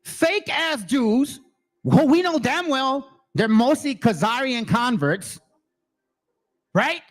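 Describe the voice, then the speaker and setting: A man's voice: very high-pitched, lively intonation, slow pace. A man giving heated, profane commentary on video clips, ranting angrily.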